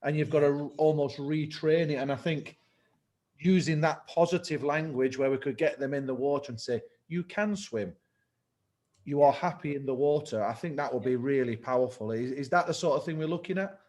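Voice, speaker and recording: A man's voice: fairly high pitch, a little fast, a little mellow. A man hosting a podcast interview who also coaches swimming, laughing easily and thinking aloud as he talks. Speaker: podcast host and swim coach.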